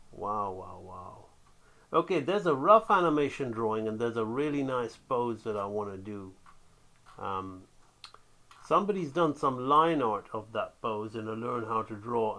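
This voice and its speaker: Slow-talking man teaching drawing. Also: medium pitch. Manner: relaxed, talks along while sketching, frequent "right?". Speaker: animation teacher. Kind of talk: drawing tutorial, thinking aloud.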